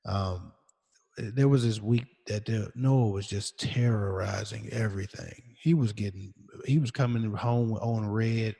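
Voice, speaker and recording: Earnest low-voiced man. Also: measured pace, vocal fry, dark tone, breathy edge, big-room sound. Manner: earnest, thoughtful, emphatic. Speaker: podcast co-host. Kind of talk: casual chat.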